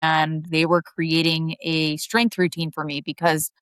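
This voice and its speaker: A woman's voice: deep voice, little pitch movement, measured pace, smooth, no room sound. A woman ultrarunner chatting casually as an interview guest, her speech full of "like" fillers. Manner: chatty, heavy use of "like" fillers.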